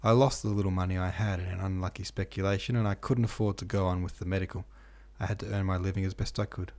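A man's voice: on the low side, brisk, mellow, close to an everyday voice. A man reading a cold, grave young man. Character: cold, reserved young man, a former medical student.

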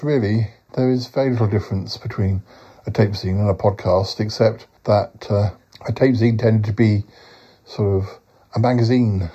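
A man's voice: lowish voice, dark tone, slightly rough, dull audio. A man hosting a comedic podcast review, rambling and hesitant with many fillers. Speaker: podcast host.

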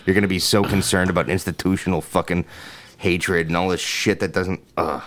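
A man's voice: low-pitched, fairly even intonation, brisk, fairly bright tone, a little hiss or hum. A man talking in profane, casual banter, ranting with lots of "like" and "dude" fillers. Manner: crude, ranting, slips into mocking put-on voices.

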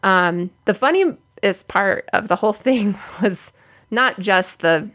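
A woman's voice: mid-range voice, slow, a bit bright. A young woman co-hosting a podcast, telling a story in casual chat, full of "like" fillers. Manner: chatty, many "like" fillers. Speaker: podcast co-host.

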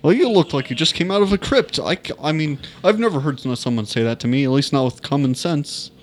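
A vain storytelling bard from a tabletop game, all theatrical airs and snide remarks, as a man plays him at the table. His voice sits a little high and swoops up and down. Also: animated, brisk, slight background noise, lightly acted. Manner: haughty, theatrical. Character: boastful male human bard, pompous and snide.

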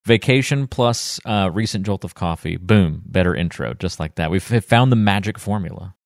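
A man's voice: deep voice, moderate pace, vocal fry, no echo, studio quality. Upbeat chatty male podcast host. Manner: upbeat, chatty, laughs easily. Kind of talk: casual podcast chat.

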